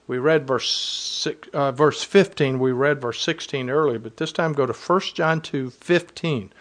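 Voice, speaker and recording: A man's voice: mid-range voice, measured pace, few pauses, a bit bright. A man preaching a sermon to his congregation, reading scripture aloud and driving home points with earnest emphasis.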